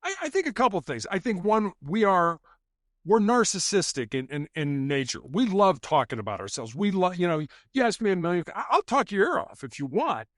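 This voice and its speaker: A middle-aged man talks through stories as a podcast guest, slipping into other people's voices for quoted lines. His voice sits a bit high and moves around a lot in pitch. The sound is dry, with no room to it. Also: a little fast, no room sound. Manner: animated, acts out quoted dialogue. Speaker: podcast guest, former police officer and hostage negotiator. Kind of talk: conversational storytelling.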